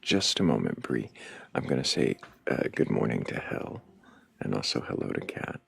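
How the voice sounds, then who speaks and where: Slow gravelly deep-voiced man. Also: sing-song, fairly bright tone. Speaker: host. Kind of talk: casual call-in chat.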